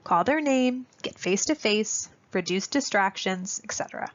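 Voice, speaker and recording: A woman presenting a parenting webinar on child language, in clear, instructive scripted narration aimed at parents. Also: medium pitch, lively intonation, moderate pace. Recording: dull lo-fi audio.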